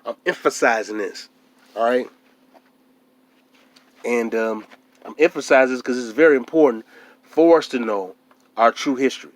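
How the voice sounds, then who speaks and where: A man's voice: medium pitch, moderate pace, pauses often, no room sound. A man giving an informal lecture to his audience, reading aloud from a book and stressing his points by repeating them. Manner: emphatic, repeats key phrases; calls his listeners brothers and sisters. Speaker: speaker addressing his audience.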